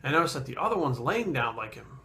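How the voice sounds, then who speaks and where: A man, a fitness trainer, telling a story in a casual vlog, blunt and animated and swearing constantly. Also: mid-range voice, fast talker.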